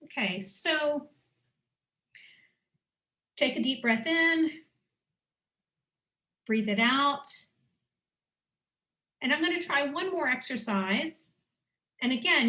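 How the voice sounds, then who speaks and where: A woman teaching on a video call, leading a guided breathing exercise with slow, soothing instructions and pauses. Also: on the high side, a bit bright. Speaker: dowsing teacher.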